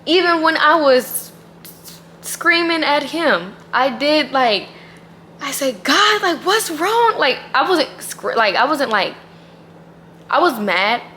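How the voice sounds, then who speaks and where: A woman's voice: high-pitched, animated, slow pace, pauses often, sharp tone, slight background noise. A woman vlogger talking casually and earnestly about her faith, emphatic and full of "like.". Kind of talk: casual faith vlog talk.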